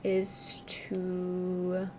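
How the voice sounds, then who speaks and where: A woman's voice: fairly low pitch, monotone, extremely slow, slight background noise. Casual woman streamer muttering wry asides. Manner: casual, wry asides while reading dialogue. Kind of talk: gameplay commentary.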